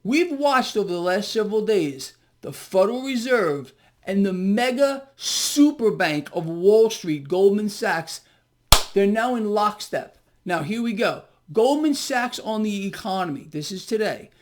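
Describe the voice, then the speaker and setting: A man's voice: sits high, lively intonation, moderate pace. A man hosting a ranting finance commentary, sarcastic and heated, mocking the news he reads out. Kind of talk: ranting monologue to viewers.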